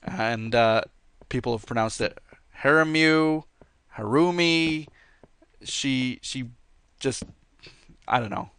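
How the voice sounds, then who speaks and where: Male let's-play host, casual rambling commentary, bright clear tone, dry close mic. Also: medium pitch, dry recording. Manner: rambling, easygoing, with many fillers. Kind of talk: casual gameplay commentary with viewer Q&A.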